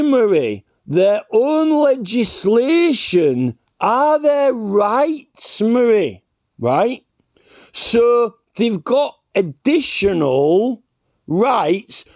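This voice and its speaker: Guy doing a high-voiced angry rant, keeps calling the other guy out, dry sound, lots of false starts. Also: a little mellow, no echo. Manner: combative, repeatedly addressing his opponent; halting restarts and stammers. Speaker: reaction vlogger. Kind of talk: ranting commentary to a clip.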